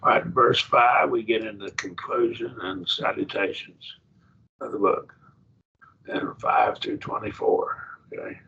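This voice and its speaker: Male Bible teacher, gravelly, thinks aloud over Greek words; dull lo-fi class tape. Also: lowish voice, pushed and bright. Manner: explains Greek word by word, slow and thinking aloud. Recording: dull lo-fi classroom recording with faint noise.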